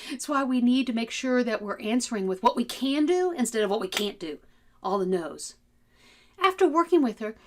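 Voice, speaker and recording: A woman giving an instructional talk as a communication trainer, lively and melodic, demonstrating voices as she goes. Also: medium pitch.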